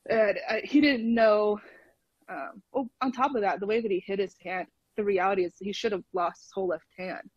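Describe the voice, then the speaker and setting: A woman's voice: medium pitch, normal speed, slightly rough, no room sound, highs cut off. A woman guest on a podcast, chatting casually and laughing often as she tells a story over a call. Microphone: phone call.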